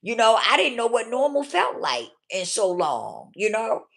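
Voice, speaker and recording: A woman speaks candidly to her viewers in a storytelling vlog, her pitch swinging high and low as she stresses each point. She is blunt and unfiltered, and she keeps checking in with her audience. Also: big pitch swings, measured pace, gravelly, a bit bright. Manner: emphatic, talks straight to viewers with frequent 'okay?' and 'do you hear me?'; blunt and profane. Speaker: vlogger.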